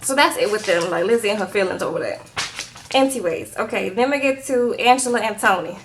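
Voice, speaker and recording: A woman's voice: medium pitch, lively intonation, a little fast, a little hiss or hum, rough recording. A woman recapping a reality show in a casual vlog, sassy and chatty, tagging her lines with "okay?" and "girl".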